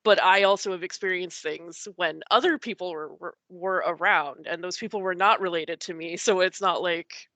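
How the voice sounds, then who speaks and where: A woman's voice: on the low side, moderate pace, few pauses, sharp tone, no echo. A woman guest telling a personal story in a casual, rambling way, full of likes and ums. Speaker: podcast guest.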